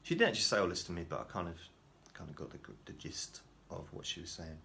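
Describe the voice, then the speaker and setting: A man's voice: deep voice, very animated, fast talker, creaky, sharp tone. A man talking casually to camera in a rambling, self-deprecating way, often restarting his sentences. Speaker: vlogger.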